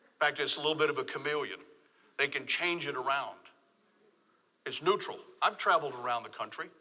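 Texan male pastor, slightly high, emphatic sermon delivery in a reverberant sanctuary. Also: fairly quick, sharp tone. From Texas. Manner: emphatic preaching, repeats phrases.

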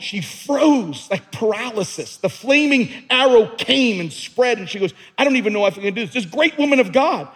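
Male preacher, high and husky, big dynamic swings, long church echo. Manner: dramatic preaching, swinging from hushed to shouting. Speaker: pastor. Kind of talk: sermon.

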